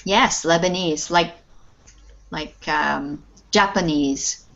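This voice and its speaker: A woman's voice: low voice, slow, creaky, fairly bright tone. A woman teaching an English class online, patient and encouraging. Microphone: video call. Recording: muffled lo-fi video call audio.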